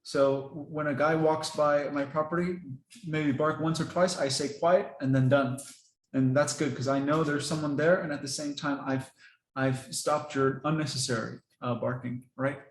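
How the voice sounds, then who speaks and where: A man's voice: on the high side, normal speed, a little hiss or hum. Man, casual dog-training chat, rambling, laughs a lot, roomy echo. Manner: relaxed and rambling, laughs often. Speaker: dog owner explaining training. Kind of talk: casual talk to camera.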